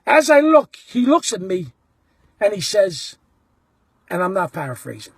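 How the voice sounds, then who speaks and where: A man recounts a story in a blunt, casual way. His voice is husky, and his pitch swings widely as he acts out each exchange. The sound is dry and close. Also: a little slow, pauses often, no echo. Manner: animated, blunt, acts out the quotes. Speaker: baseball fan telling a story.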